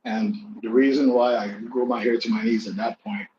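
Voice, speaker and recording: Easygoing male co-host telling stories, gets loud and animated in reenactments, slightly dull recording with faint hiss. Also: medium pitch, moderate pace. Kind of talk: casual storytelling chat. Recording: slightly dull sound with faint background noise.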